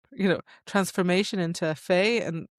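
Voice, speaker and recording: A woman co-hosting a casual book podcast, chatty and quick to slip into characters' voices. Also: lowish voice, no room sound, studio quality. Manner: chatty, jumps into characters' voices, laughs while retelling. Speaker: podcast co-host. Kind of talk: casual book-club chat.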